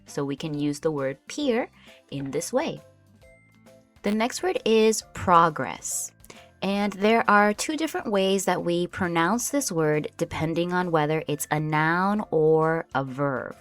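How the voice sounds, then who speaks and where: A woman teaching English vocabulary in a slow, clear lesson, patiently explaining each word with example sentences. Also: fairly low pitch, expressive, soft background music.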